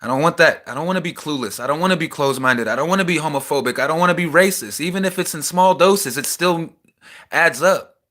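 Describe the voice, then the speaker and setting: A young man in a small house, venting a raw personal rant that swings between heated outbursts and quieter reflection. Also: a little high, quick pace. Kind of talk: emotional personal rant to camera.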